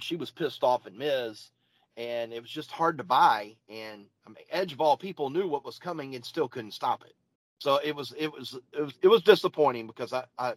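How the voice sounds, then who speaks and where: A man co-hosting a wrestling podcast, chatting casually as an eager fan whose voice jumps up when excited. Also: mid-range voice, no room sound, poor audio. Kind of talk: casual chat reviewing wrestling.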